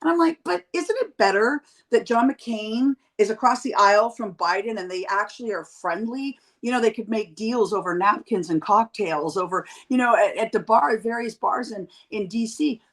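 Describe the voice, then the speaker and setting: A middle-aged woman from Canada, a podcast guest, talking in a blunt, profane and animated way in casual chat. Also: a little high, normal speed, few pauses.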